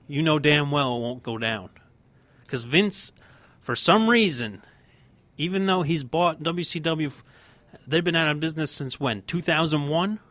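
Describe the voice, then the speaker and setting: A man's voice: on the high side, fairly bright tone, no echo. A man co-hosting a casual wrestling podcast, talking in a heated, emphatic rant. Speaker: podcast co-host.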